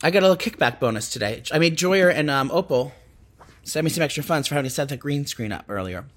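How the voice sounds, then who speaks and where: Man, co-host, casual podcast chat, gossipy, rapid-fire delivery. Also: a little high, expressive. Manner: chatty, gossipy, talks in quick bursts.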